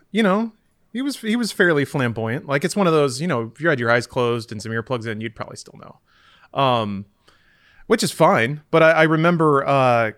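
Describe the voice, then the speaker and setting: A man's voice: mid-range voice, fairly bright tone, no room sound, clean studio sound. A man telling a story on a podcast in a rambling, self-deprecating way, with many fillers. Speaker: podcast co-host. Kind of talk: casual chat, storytelling.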